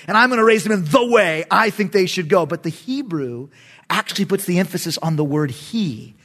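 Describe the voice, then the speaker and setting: A middle-aged man, a pastor preaching a sermon in an animated, emphatic way, with sudden loud bursts. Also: sits high, brisk.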